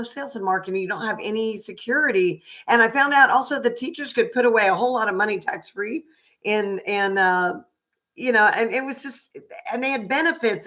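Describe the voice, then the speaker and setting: Older woman, from oklahoma, casual livestream chat, rambling, chatty, mid-pitched voice. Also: a bit bright. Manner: rambling, chatty, many restarts and fillers. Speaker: psychic reader and channel.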